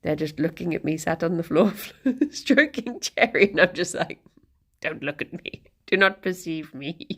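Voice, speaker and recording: A young woman chatting casually on a live stream at home, rambling with lots of restarts and giggles. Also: medium pitch. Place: home, sat on the floor with pet rabbits.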